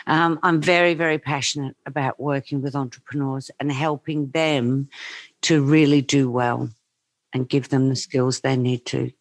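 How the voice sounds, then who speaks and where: A woman's voice: extremely low pitch, fairly even intonation, moderate pace, no room sound. A middle-aged Australian woman, a business coach, telling her story in an earnest, passionate way over a remote call. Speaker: business coach, podcast guest. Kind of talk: casual interview.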